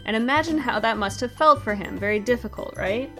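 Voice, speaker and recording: A woman co-hosting a comedy show, reading out odd news stories in a brisk, wry, joking way. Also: a little high, bright, forceful tone, faint music behind. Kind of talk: scripted comedic news chat.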